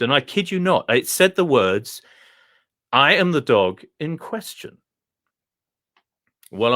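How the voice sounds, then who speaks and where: Animated man telling a joke story. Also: medium pitch. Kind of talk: comic shaggy-dog story for an online group. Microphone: video call.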